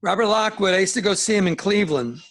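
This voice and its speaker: A middle-aged man with a rough, gravelly edge and a slightly high voice spins rambling stories as an interview guest. He acts out the people he quotes and keeps the talk loose and conversational. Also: quick pace, a bit bright. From northern New Jersey and Alabama. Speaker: musician guest. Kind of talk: casual storytelling interview.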